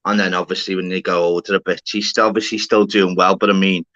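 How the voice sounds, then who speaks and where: Scouse stream host, lively storyteller, sharp bright tone, muffled lo-fi sound. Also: male voice, deep voice, quick pace. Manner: animated storytelling with swearing. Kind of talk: casual chat.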